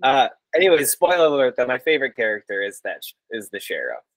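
A man's voice: mid-range voice, very animated, quick pace, dry recording. A man hosting a casual podcast chat, rambling with lots of fillers and self-corrections. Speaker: podcast host.

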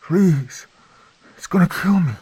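A man voicing a terrified young woman begging to be let in, in a high, trembling, desperate voice. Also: lively intonation, takes it slowly, darkish tone, breathy edge, no room sound, exaggerated voice. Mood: desperate pleading.

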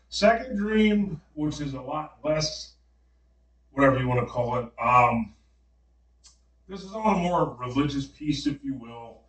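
A man telling a long, animated story in casual slang, full of fillers, on a podcast. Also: mid-range voice, a little slow. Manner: animated, slangy dream retelling with many fillers. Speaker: podcast guest. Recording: roomy, distant mic.

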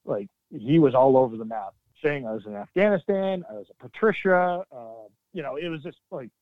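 A middle-aged man, a military veteran, telling his story in an earnest, halting way with sudden emphatic bursts. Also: mid-range voice, lively intonation, no echo. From Canada. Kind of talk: candid interview storytelling. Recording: dry, tinny phone-like line.

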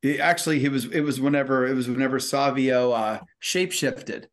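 Man, podcast co-host, excited rambling wrestling chat, mid-pitched voice. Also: a little fast. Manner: excited, rambling, many fillers. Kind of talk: casual wrestling review chat.

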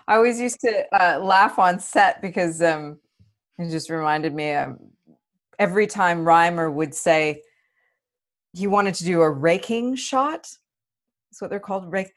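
Lower-pitched woman, laughing guest. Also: unhurried. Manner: warm, laughing, gushing with praise. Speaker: guest actor. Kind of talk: casual podcast interview.

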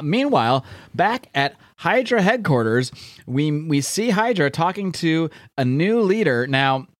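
A man's voice: mid-range voice, dry recording, studio quality. A man co-hosting a podcast, casually recapping a comic book in a chatty way and restarting his sentences often. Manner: chatty, restarts often, acts out characters in quotes. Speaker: podcast co-host.

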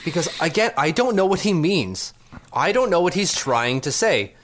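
A man hosts a casual sports podcast. He rants with sarcastic, exasperated rhetorical questions, in a fairly high voice. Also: sing-song, normal speed, a bit bright. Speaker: podcast host.

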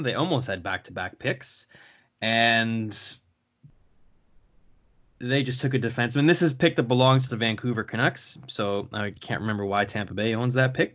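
A man hosting a podcast chats casually as he runs through the draft picks. His voice is medium-pitched with a fairly bright tone.

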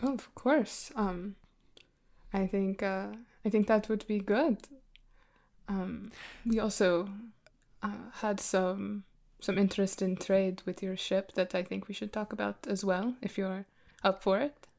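A woman's voice: mid-range voice, fairly even intonation, unhurried, gravelly, a little mellow. Lady playing a tabletop rpg, playful, goes formal and polite when in character. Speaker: player.

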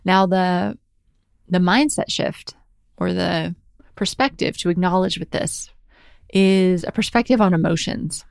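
Woman, mindfulness talk, gentle and reflective, slow drawn-out emphasis, dry close sound. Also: lowish voice, gravelly, clean tone, no echo. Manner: gentle, reflective, slow and drawn-out on key words, frequent "right?".

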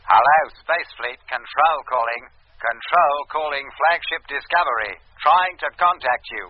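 A cold, formal mission control announcer, each order dictated stiffly over a radio link. The sound is thin and phone-like, with a long echo and faint hiss behind it. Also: male voice, on the high side, moderate pace. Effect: radio transmission. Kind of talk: 1950s radio drama acting. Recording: tinny radio line in a long hall.

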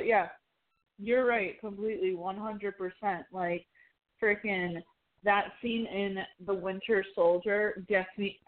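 A woman co-hosting a podcast, gushing excitedly while she retells film scenes. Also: medium pitch. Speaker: podcast co-host. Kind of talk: casual chat. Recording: tinny phone-like line.

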